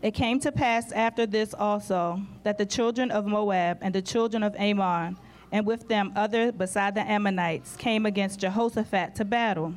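A man reading scripture aloud during a sermon, steady and measured. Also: high-pitched. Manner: steady, measured reading in old-style wording. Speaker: scripture reader.

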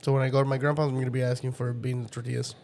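A man's voice: mid-range voice, flat delivery, rapid-fire, a little mellow. A young man in casual chat, telling profane family stories and laughing often.

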